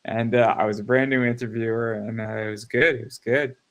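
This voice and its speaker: A man's voice: mid-range voice, steady tone, a little fast. A man in his thirties hosting an interview show, chatting loosely with many fillers and restarts. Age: 30s. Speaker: podcast host. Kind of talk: casual interview chat.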